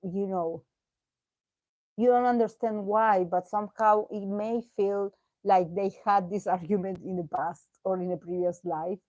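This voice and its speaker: A woman talks through a tarot reading in a loose, chatty way, laughing often and restarting her sentences. Her voice sits at a middling pitch and is recorded close and dry, with almost no room sound. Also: steady tone, a little slow, darkish tone, no echo. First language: Spanish. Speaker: tarot reader. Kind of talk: casual tarot reading commentary.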